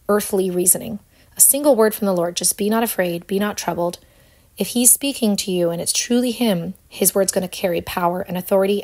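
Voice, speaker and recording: A woman's voice: medium pitch, a little mellow. A woman hosting a faith talk, speaking earnestly and unhurriedly, with light laughs and long passages read aloud. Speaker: Catholic faith teacher and host. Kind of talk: casual teaching talk with read quotes.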